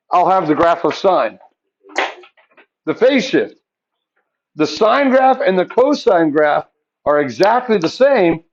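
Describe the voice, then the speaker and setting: A man's voice: sits high, dull audio. A male math teacher lecturing a classroom, asking the students questions and answering them himself.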